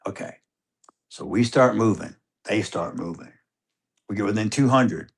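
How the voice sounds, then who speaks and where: A middle-aged father telling a personal story in an interview, animated, moving between hushed tones and loud excitement. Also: fairly low pitch, a little slow, gravelly, husky. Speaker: grieving father being interviewed.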